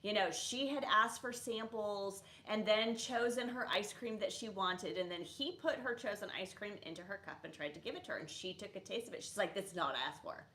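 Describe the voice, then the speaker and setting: A middle-aged woman co-hosting a live stream, telling stories with animated exclamations. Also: mid-range voice, brisk, few pauses. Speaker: co-host. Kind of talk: casual chat on a live stream.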